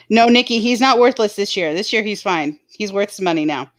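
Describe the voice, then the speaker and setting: A woman's voice: medium pitch, expressive, moderate pace. A woman co-hosting a casual livestream chat, reading viewer comments and often dissolving into giggles. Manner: giggly, breaks into laughing fits. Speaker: co-host of a livestream chat show.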